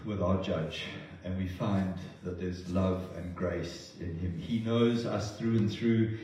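A man's voice: lowish voice, dark tone. A man preaching a sermon in an earnest, emotional way, often restarting his words. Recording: roomy distant sound.

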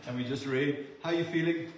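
A man's voice: mid-range voice, normal speed. A man from South Africa preaching a sermon as pastor, earnest and repeating words for emphasis. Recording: very echoey room, voice from a distance.

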